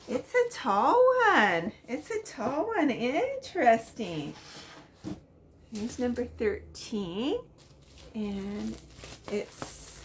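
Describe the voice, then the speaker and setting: Chatty middle-aged woman, lively pitch. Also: a little hiss or hum. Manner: rambling, with frequent ums and small laughs. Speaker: cross-stitch vlogger. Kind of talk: casual chatty show-and-tell.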